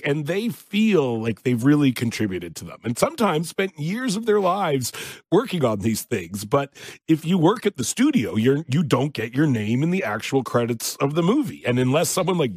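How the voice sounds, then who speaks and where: A man telling stories in a casual interview, laughing often and animated. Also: on the high side, slightly rough, no room sound. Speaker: show co-creator guest.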